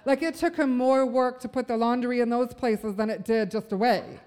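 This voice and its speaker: Woman, sermon, earnest storyteller, higher pitch, long hall reverb. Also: fairly even intonation, normal speed, darkish tone. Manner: earnest, storytelling, rising to fervent. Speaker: speaker at a church service.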